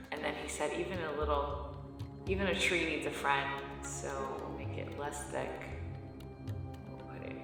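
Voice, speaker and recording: A young woman vlogging as she follows a painting tutorial, chatty, playful and excitable. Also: deep voice. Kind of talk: casual reaction commentary.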